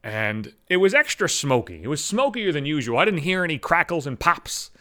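A man's voice: on the high side, very animated, normal speed, a bit bright. A man hosting a podcast, telling a story in a rambling, profane, self-mocking way. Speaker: podcast host. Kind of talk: casual solo storytelling.

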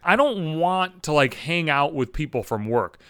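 A middle-aged man rants with constant cursing and mounting exasperation. His voice swoops up and down with a lot of life, bright and tense in tone. The sound is dry and close. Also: a little high, animated, a little slow, clean tone, no echo. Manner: swears constantly, exasperated ranting. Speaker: monologue speaker. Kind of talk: profane comedic rant.

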